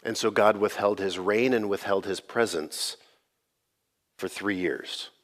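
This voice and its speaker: Gravelly-voiced pastor preaching casually. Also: male voice, lowish voice, steady tone, unhurried. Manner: casual, joking, conversational preaching. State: slightly gravelly from allergies. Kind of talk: sermon.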